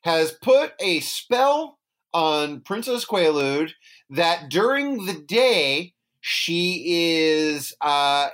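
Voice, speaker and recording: A co-host on a casual film podcast, riffing and joking through a recap. The voice swings widely in pitch and energy, with frequent laughter between lines. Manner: animated, jokey, breaks into mock voices.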